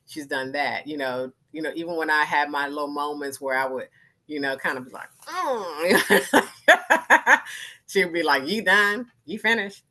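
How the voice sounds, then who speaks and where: Animated woman in her fifties. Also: sits low, a little slow, poor audio. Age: 50s. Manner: animated, acts out quoted voices, laughs often. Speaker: arts organization founder, guest speaker. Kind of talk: candid panel conversation.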